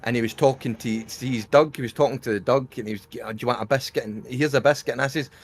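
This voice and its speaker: A Scottish man chats on a live gaming stream, cursing freely and breaking into laughter as he tells his stories. His voice sits at a middle pitch. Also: quick pace, husky. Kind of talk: casual gaming chat.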